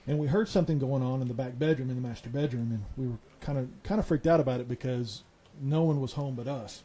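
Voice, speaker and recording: Halting man telling a ghost story. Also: mid-range voice, warm tone, poor audio. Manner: halting, full of restarts and fillers. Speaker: guest.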